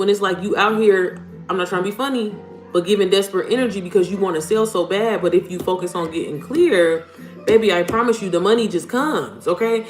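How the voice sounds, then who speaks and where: A woman's voice: medium pitch, a little fast. Chatty blunt woman livestream host. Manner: chatty, blunt, swears casually, addresses viewers as y'all. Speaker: livestream host and mom business coach. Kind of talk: casual livestream chat. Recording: roomy home livestream with faint music.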